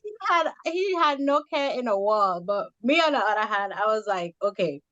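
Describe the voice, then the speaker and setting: A woman from the Caribbean with a Caribbean accent, hosting a casual interview and telling stories in an animated way, laughing often. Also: on the high side, normal speed, lo-fi sound. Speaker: host.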